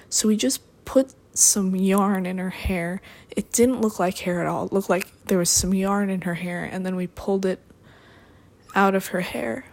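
Deadpan young woman rambling. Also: mid-range voice. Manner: deadpan, meandering, with dry asides. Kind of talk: rambling solo monologue.

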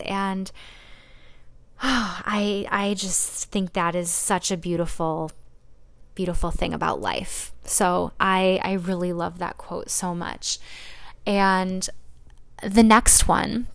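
A woman hosting a solo podcast, talking in a gentle, earnest way with soft laughs and restarts. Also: mid-range voice, clear, resonant tone, no room sound. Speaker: podcast host. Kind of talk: casual solo podcast talk.

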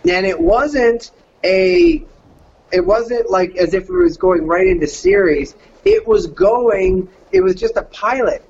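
Animated Canadian man, high voice. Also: slow pace, dull audio, a little hiss or hum. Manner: animated, drops into surfer-dude voices. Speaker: voice actor telling a story. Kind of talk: casual storytelling.

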